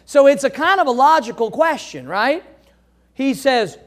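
A man's voice: extremely high pitch, animated, normal speed. Emphatic folksy male pastor. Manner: emphatic, folksy, joking asides. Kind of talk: sermon.

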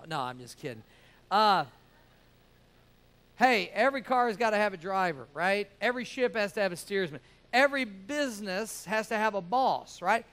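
A man's voice: high voice, fairly bright tone. A man preaching to a church class, keeping it jokey and calling out "amen?" and "right?" to the room. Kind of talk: sermon.

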